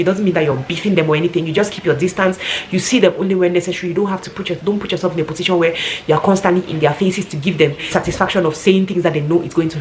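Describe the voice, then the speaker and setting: A woman's voice: lowish voice, darkish tone, slight background noise. A woman talking casually and earnestly, giving rambling advice like a vlogger.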